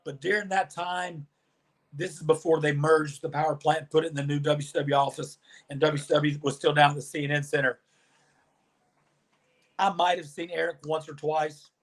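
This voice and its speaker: A man's voice: fairly high pitch, normal speed. A middle-aged man, an interview guest and former wrestler, telling long stories and acting out what others said. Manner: animated storyteller, acts out quoted dialogue. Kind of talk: storytelling interview.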